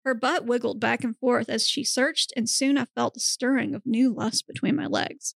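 Gravelly woman narrating a comic reading. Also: a little high, steady tone, normal speed, no echo, studio quality. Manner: straight-faced narration, breaks into giggles. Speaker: podcast host narrating. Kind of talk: comedic reading of erotic fiction.

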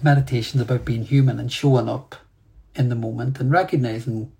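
Gravelly man telling a candid story. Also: mid-range voice, fairly quick. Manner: animated, self-mocking, laughs while telling a story. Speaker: podcast guest.

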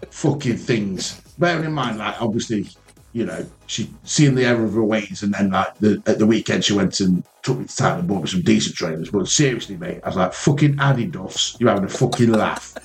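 A man co-hosting a casual podcast, telling an animated, heavily sweary story about his youth. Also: on the low side, brisk, faint music behind. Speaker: podcast co-host.

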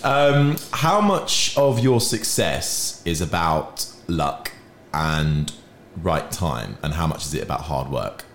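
A man's voice: extremely low pitch, animated, slow pace, few pauses, a bit bright, reverberant, slight background noise. A man co-hosting a podcast, asking playful, teasing questions. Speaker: podcast co-host. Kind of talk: casual podcast interview.

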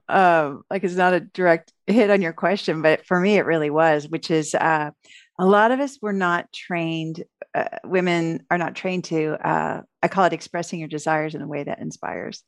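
A middle-aged woman, a relationship author, giving an interview and telling lively stories in which she acts out her own lines. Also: fairly low pitch, normal speed, no room sound, studio quality. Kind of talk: conversational interview storytelling.

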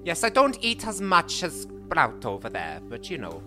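Woman plays a crude, bickering old Welsh dwarf husband, bright and sharp edge. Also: low voice, wildly swooping pitch, normal speed, soft background music, voice pushed down, heavily acted. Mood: teasing. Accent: attempted Welsh. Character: old male dwarf, married thirty years, crude.

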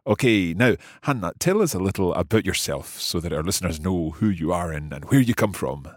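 A man's voice: sits low, expressive, a little fast, no room sound, clean studio sound. A middle-aged man hosting a language lesson podcast, curious and good-humoured, asking lots of questions. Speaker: podcast host and learner. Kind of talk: scripted language lesson chat.

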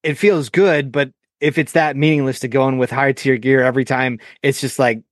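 A man's voice: medium pitch, moderate pace, no echo. Chatty man telling stories, dry mic. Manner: animated storyteller, acts out quotes, profane. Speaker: podcast guest. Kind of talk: casual podcast chat.

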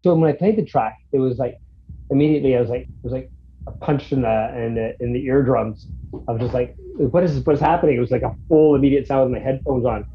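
Rambling, animated man in casual chat. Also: mid-range voice, quick pace, dull audio. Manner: rambling and animated, restarts, acts out his reactions. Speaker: guest reviewing a music track.

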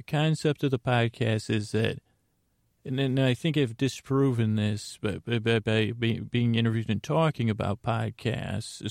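Rambling, gravelly-voiced man hosting a podcast. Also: medium pitch, darkish tone, dry recording, clean studio sound. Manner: meandering, self-interrupting, wry asides. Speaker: podcast host. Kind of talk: rambling bedtime podcast monologue.

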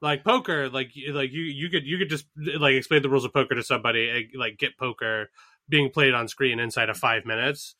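Bright-voiced man, dry and close. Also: medium pitch, steady tone, a little fast, no room sound. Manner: musing, wry, many fillers. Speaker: podcast co-host. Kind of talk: casual chat.

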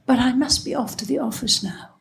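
A soft, lilting young mother, as a woman reading aloud puts her on, cooing over her little girl before rushing off. Her voice lifts high and sweet, then drops back toward business. A storybook mother, tender but always on her way out. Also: vocal fry. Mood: coaxing.

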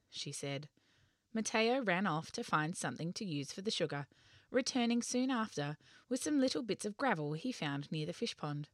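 Low, lively woman telling a children's story. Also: moderate pace, no echo, clean studio sound.

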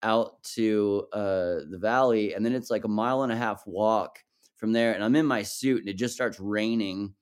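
A man telling stories in casual chat, animated and swearing, acting out other people's lines as he goes. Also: on the low side, moderate pace, smooth. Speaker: podcast guest, musician.

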